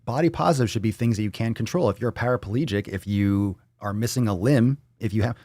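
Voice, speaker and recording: Blunt, low-voiced ranting male host. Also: a little mellow, no echo, studio quality. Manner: blunt, profane, rapid-fire ranting; reads viewer comments aloud. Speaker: fitness livestream host. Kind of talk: casual live-stream talk.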